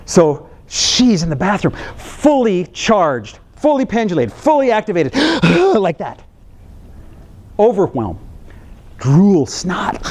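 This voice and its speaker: A middle-aged man, a psychologist, telling a story in a talk to counselors and acting out his daughter's reactions. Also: on the high side. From United States. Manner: animated, acts out his daughter's reactions with laughs and gasps.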